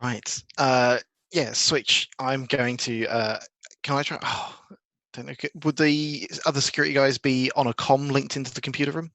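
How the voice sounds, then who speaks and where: A man's voice: mid-range voice, steady tone, moderate pace, pushed and bright, no room sound. Guy playing a tabletop game, mid voice, hesitant, kinda checks in a lot, dry close sound. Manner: casual, hesitant, asks questions. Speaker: player. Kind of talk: casual tabletop play.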